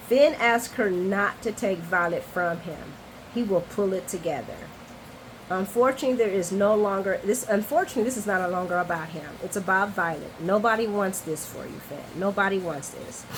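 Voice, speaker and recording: A woman hosting a casual soap opera recap, chatty, expressive and candid. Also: medium pitch, moderate pace, slight background noise, low-quality recording.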